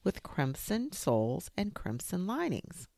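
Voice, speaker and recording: Woman putting on a scared little kid voice, high and pleading, swoops around. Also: huge pitch swings, unhurried, vocal fry, mellow, dry recording, studio quality, full character voice. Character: frightened little boy pleading.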